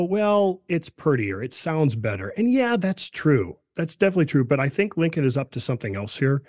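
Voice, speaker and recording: A man's voice: on the high side, big pitch swings, normal speed, few pauses, a little mellow, no echo. Middle-aged male professor, lecturing voice, dry close sound, keeps saying "right". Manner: peppers speech with "right" and restarts. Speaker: political science professor, guest. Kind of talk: explanatory discussion.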